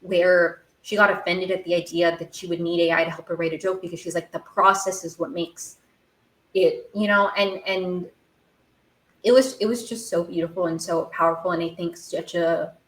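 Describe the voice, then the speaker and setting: A woman's voice: lowish voice, level tone, moderate pace. Gushing young woman in an echoey room. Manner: gushing, rambling, many "like"s and restarts. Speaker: podcast host. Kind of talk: casual recap chat.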